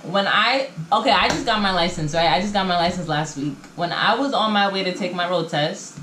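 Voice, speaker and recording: A woman's voice: lowish voice, fairly quick, fairly bright tone, reverberant, slight background noise, poor audio. A young adult woman vlogging from home in a casual storytime chat, slangy and acting out what each person said. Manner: chatty, slangy storytelling that acts out what people said. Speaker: vlogger telling a story time. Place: in her home. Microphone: camera mic.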